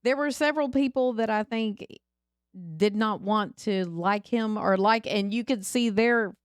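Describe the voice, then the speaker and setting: A woman's voice: mid-range voice, unhurried, clear, resonant tone, no room sound, studio quality. A woman co-hosting a casual commentary chat, chiming in with short remarks. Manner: brief interjections, often laughing along. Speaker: co-host.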